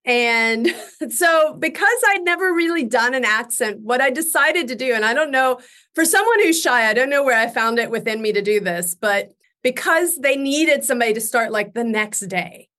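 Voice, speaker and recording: Young woman guest, high voice, chatty and animated, laughs a lot. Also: normal speed. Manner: animated storytelling, laughs often. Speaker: guest actress. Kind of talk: casual interview chat.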